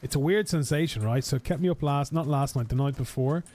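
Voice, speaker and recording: A man's voice: mid-range voice, fast, warm tone, slight background noise. A man, a streamer, chatting casually and joking while he plays a game. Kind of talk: casual gaming stream chat.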